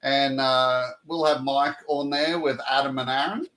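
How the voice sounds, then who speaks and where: A man's voice: mid-range voice, fairly even intonation, unhurried, fairly bright tone, a little hiss or hum. An Australian man hosting a casual interview over a video call, friendly and full of short replies, calling his guest mate. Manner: friendly, says mate, many short backchannels. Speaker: interviewer, channel host.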